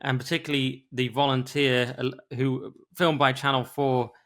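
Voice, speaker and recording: A man's voice: mid-range voice, level tone, fairly bright tone. Tired, rambling man. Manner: quick, rambling, conversational. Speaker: podcast co-host. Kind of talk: casual political discussion.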